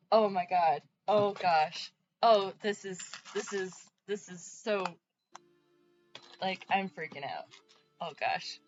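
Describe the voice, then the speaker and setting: A woman streamer chatting live with viewers, excited, stammering and repeating exclamations. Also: mid-range voice, highs cut off.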